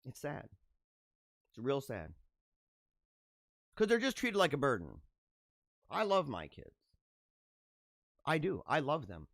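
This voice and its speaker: A man's voice: medium pitch, huge pitch swings, takes it slowly, creaky, pauses often, a bit bright, dry recording, studio quality. A man in his thirties hosting a podcast, giving casual political commentary in a sarcastic, mocking way and laughing at his own jokes. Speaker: podcast host.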